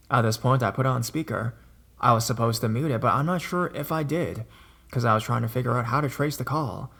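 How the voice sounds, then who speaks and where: Gravelly man reading a horror story. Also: medium pitch, a little fast, a bit bright. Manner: plain, conversational storytelling. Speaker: narrator.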